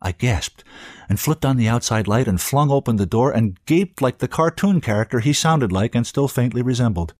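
A male host reading fiction aloud with expressive storytelling. His pitch moves widely from line to line, and the sound is close and dry, with no room echo. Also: moderate pace. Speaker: host and reader. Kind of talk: scripted fiction narration.

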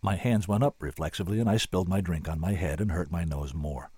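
A man's voice: low-pitched, quick pace, darkish tone, husky, no echo. A man giving dry, wry first-person scripted narration as an audiobook narrator.

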